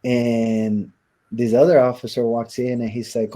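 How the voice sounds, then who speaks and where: Husky man, mellow low voice, retelling his past in a sit-down interview, quoting others as he goes. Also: normal speed. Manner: recounts events by acting out quoted dialogue. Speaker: interview guest.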